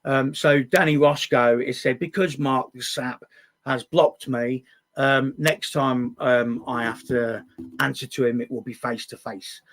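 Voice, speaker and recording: A man's voice: mid-range voice, fairly even intonation, a little slow, a bit bright. A man hosting a live stream, talking bluntly with many restarts and the odd swear word. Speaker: livestream host. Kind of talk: casual live chat.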